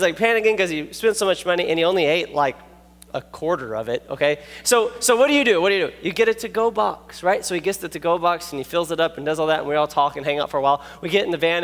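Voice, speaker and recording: A man preaching a youth sermon, animated and jokey, telling stories and checking in with the listeners. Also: on the high side, fast. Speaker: youth pastor. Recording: long echoey hall reverb.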